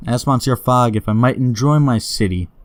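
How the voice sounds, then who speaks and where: A man playing a story game, reading its text aloud and chuckling, then dropping quick casual asides. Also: medium pitch. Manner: giggly, laughs often while reading; reads story passages slowly, then mutters quick asides. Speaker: let's play gamer.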